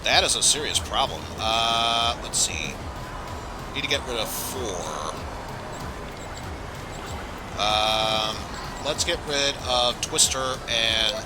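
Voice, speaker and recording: A man's voice: medium pitch, takes it slowly, long pauses, low-quality recording. A male streamer commenting on his gameplay, thinking aloud with hesitant fillers. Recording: game music playing behind.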